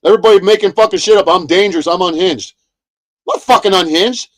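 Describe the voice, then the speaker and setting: A man's voice: sits high, fast. A man ranting heatedly on a livestream, profane and repetitive. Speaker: streamer. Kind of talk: angry livestream rant.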